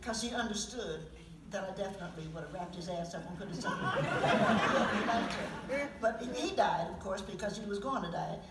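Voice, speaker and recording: A woman's voice: mid-range voice, expressive, moderate pace, very noisy. A woman in her seventies, a poet telling stories and reading poems to an audience, candid, with chuckling asides. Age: 70s. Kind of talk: storytelling talk with poetry reading. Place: auditorium at a public event. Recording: roomy sound from a distant mic.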